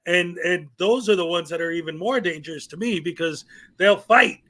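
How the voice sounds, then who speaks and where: Man, high-pitched, show host, casual chat, animated, restarts sentences. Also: moderate pace. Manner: animated, repeats words when starting a thought.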